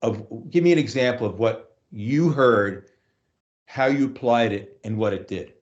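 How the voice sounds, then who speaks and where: A man who teaches voice, talking through lessons and telling anecdotes in a relaxed interview. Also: mid-range voice, unhurried, muffled recording. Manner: storytelling, acts out quotes, restarts often.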